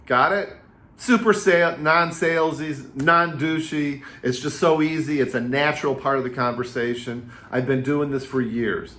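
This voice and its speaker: A man in his fifties, a real estate agent and coach, giving casual advice straight to camera and telling stories in a lively, repetitive way. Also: fairly high pitch, moderate pace, a little hiss or hum. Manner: energetic, chatty storyteller with repetitive phrasing. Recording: roomy echo.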